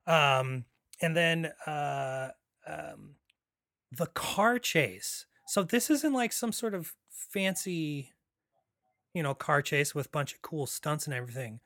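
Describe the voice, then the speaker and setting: A man hosts a podcast in loose film chat, his voice sitting a bit high for a man. He rambles, circles back and gets excited as he goes. The sound is dry and close. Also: slow, no echo. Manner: rambling, excitable, many fillers and restarts. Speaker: podcast host. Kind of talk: casual film discussion.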